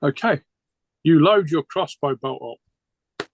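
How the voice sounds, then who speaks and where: A man's voice: fairly high pitch, animated, takes it slowly, dry recording. A man running an online tabletop game as game master, chatty and stammering through restarts.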